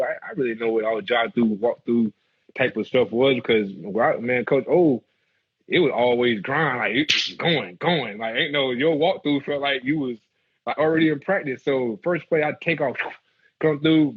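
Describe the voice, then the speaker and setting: A man, a former football player telling animated stories in an interview. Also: medium pitch, moderate pace, breathy edge. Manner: animated storyteller acting out quotes. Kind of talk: storytelling interview. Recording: muffled lo-fi audio.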